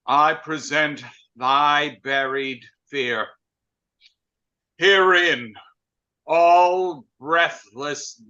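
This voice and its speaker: A man's voice: on the high side, sharp tone, exaggerated voice. A man reading the part of Exton, a murderer presenting a coffin to the king, in a Shakespeare read-through over a video call. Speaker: volunteer reader. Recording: dull lo-fi video call audio.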